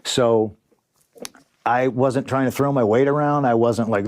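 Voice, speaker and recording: A man's voice: lowish voice, steady tone, normal speed, darkish tone, no echo, studio quality. A man in a casual podcast interview, telling a story in a profane, vivid way and acting out what others said. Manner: profane, vivid, acts out dialogue. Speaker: podcast guest, pro wrestler.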